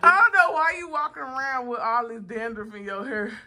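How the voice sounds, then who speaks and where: A woman's voice: fairly high pitch, fairly even intonation, a little fast, sharp tone, echoey room, distant mic. Teasing woman vlogging from her phone. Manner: playful, teasing, laughing often. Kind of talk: casual prank vlog. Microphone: phone held in hand.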